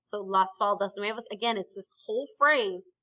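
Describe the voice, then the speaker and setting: A woman's voice: mid-range voice, normal speed, sharp tone. A woman teaching a Spanish grammar lesson in a recorded video, explaining patiently step by step and checking in with frequent okays.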